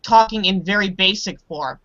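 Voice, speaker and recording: A woman's voice: medium pitch, moderate pace, fairly bright tone, no room sound, muffled recording. A woman teaching a live online English class in a casual way, often stopping, restarting and repeating words.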